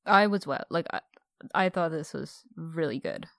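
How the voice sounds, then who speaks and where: A woman's voice: sits low, moderate pace, creaky, a bit bright, no room sound, studio quality. A woman co-hosting a casual podcast, giving her reactions in a chatty way with frequent restarts and laughs. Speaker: podcast co-host. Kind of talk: casual chat.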